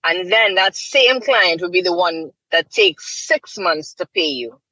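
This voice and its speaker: A woman's voice: fairly low pitch, measured pace, dry recording, highs cut off. A middle-aged woman, a voice artist, chatting animatedly and wryly about her work in an interview. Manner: animated, wry storytelling with quoted asides. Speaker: voice artist guest. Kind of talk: casual interview talk.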